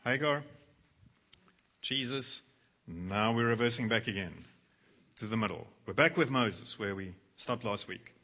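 A man preaching a sermon, reading scripture and swinging dramatically between soft, low passages and loud, impassioned ones. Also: animated, a little slow, long pauses. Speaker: pastor. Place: church.

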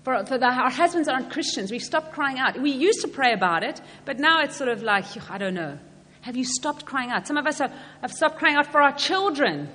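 A woman's voice: sits high, expressive, fairly quick, bright, forceful tone, slight background noise. A woman preaching a sermon to women, earnest and repeating questions to the audience. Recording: long hall reverb, faint ambience.

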